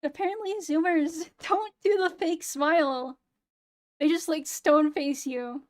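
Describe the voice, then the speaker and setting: A young woman with a fairly high voice chats casually to her stream in a hoarse, flat, near-monotone way. Her delivery stays low in energy and sounds close to tears. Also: unhurried. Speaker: VTuber streamer. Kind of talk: casual late-night stream chat.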